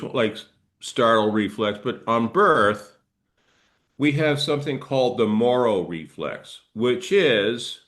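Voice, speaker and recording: A middle-aged man, a trauma therapist, gently guiding listeners through arm-swing exercises and explaining body reactions. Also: mid-range voice. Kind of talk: guided movement instruction.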